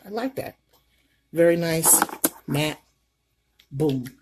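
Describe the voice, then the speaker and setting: A middle-aged woman vlogging her makeup routine while telling a story in an animated, folksy way. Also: low-pitched, slow pace, background noise. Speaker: beauty vlogger. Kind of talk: casual makeup vlog storytelling.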